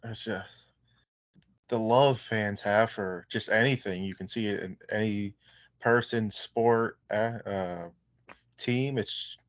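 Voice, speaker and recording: A man's voice: on the low side, no echo. A young man, a wrestler guest in an interview, talking in a laid-back, joking way. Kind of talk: casual interview chat.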